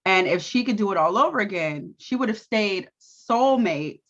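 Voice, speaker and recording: A woman co-hosting a casual TV recap, with quick, sassy reactions and asides. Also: mid-range voice, expressive, lo-fi sound. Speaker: co-host of a TV recap show.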